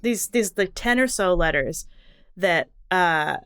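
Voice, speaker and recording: A woman co-hosting a casual podcast, explaining things in an animated way, jumping between tangents and laughing often. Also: fairly low pitch, slow, smooth. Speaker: podcast co-host explaining letter history.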